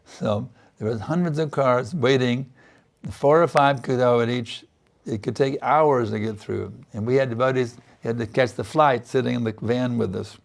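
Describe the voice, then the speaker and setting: A man's voice: mid-range voice, moderate pace, creaky. A man giving a spiritual sermon, telling a story and acting out earnest, pleading prayers. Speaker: spiritual teacher.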